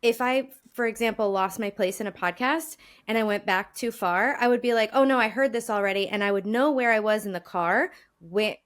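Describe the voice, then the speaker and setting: A woman's voice: medium pitch, brisk, hardly any pauses. Tired but gushing woman on a podcast, laughs lots, super enthusiastic. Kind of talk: casual chat.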